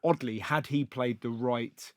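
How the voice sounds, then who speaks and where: A male host in casual conversation, relaxed, prompting his guest with short questions and agreements. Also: medium pitch, unhurried, dry recording. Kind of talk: casual chat.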